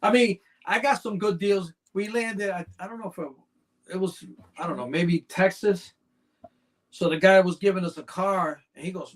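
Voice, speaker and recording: A man's voice: high voice, a little fast. A man chatting as a podcast guest, telling long rambling stories peppered with "you know". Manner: rambling storyteller, constant "you know" fillers. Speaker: podcast guest, snake breeder. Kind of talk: casual anecdotal chat.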